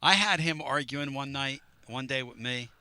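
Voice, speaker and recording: A man's voice: medium pitch, normal speed, sharp tone, no room sound. A man hosting a sports talk radio show, teasing his co-hosts and rambling through stories in a casual way. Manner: brash, rambling, teasing storyteller. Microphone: studio microphone.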